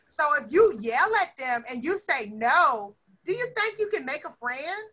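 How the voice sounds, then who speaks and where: Woman teacher, high bright voice, expressive and coaxing, questioning small kids in class. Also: a little slow, few pauses. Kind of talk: classroom lesson with young children.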